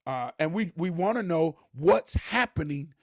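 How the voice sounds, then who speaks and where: A man with a high, husky voice talks straight to his viewers, animated and preachy. He repeats key words and raises his voice to drive a point home. The sound is dry and close. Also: unhurried, dry recording. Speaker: host. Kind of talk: casual live-stream talk to viewers.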